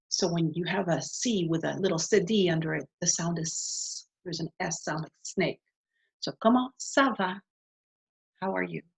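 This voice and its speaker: A woman's voice: fairly low pitch, creaky, husky. A woman teaching a beginner language lesson, patiently modeling phrases and asking the listener to repeat them. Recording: dull lo-fi sound.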